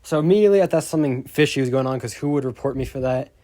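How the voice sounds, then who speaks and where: A man's voice: mid-range voice, rapid-fire, mellow. Rambling, exasperated young-sounding man. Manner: rambling, exasperated, swears freely. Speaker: YouTuber. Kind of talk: casual storytime rant.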